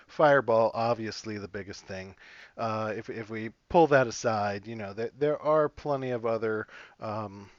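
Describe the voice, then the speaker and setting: A man's voice: mid-range voice, fairly bright tone, no room sound, muffled recording. A man hosting a casual chat about a tabletop campaign, rambling through restarts and laughing often. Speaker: podcast host reviewing a tabletop campaign.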